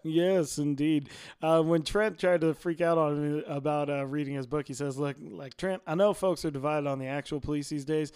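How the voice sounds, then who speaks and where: Smooth-voiced laughing podcast co-host. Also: male voice, on the high side, steady tone, normal speed, darkish tone, no room sound, studio quality. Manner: laughs often, quotes lines with relish. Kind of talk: casual chat about a TV episode.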